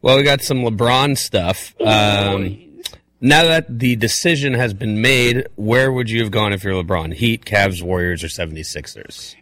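A man's voice: lowish voice, unhurried, a bit bright. A man on a radio show who answers briefly and brings up facts and poll questions. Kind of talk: casual radio show chat.

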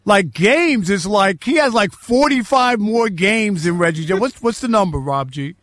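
A man's voice: sits high, animated, normal speed, fairly bright tone, dry recording, studio quality. A man hosting a sports talk show, debating emphatically and repeating key phrases for stress.

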